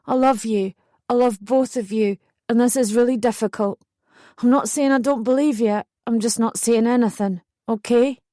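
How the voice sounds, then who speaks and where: A woman voicing an angry, defensive middle-aged mother in an audiobook, shouting and spitting scorn. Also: a little high, fairly even intonation, moderate pace, no room sound, clean studio sound, natural voice. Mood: apologetic. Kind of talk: audiobook narration.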